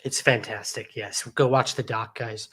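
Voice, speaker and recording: A man hosting a podcast from a studio. He asks loose, casual questions and drops in short comments and reminders to listeners. His voice sits at an ordinary pitch for a man. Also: steady tone, measured pace, fairly bright tone, husky. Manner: brief interjections and questions to the guest. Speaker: podcast host. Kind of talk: casual interview chat.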